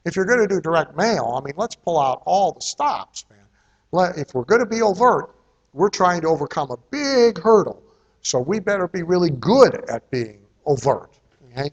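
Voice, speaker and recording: A man with a slightly high voice delivers a live seminar talk on marketing. He is blunt, salty and conversational, and keeps checking in with his audience as he goes. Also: sing-song, normal speed, highs cut off. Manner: salty and irreverent.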